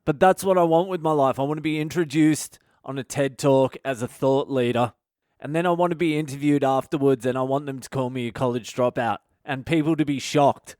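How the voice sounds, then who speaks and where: Sardonic, sweary comedian. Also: male voice, medium pitch, a little fast, a little mellow, clear, resonant tone, no echo, studio quality. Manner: sardonic, sweary, acts out mock dialogues. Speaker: comedian and podcast host. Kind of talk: comic monologue.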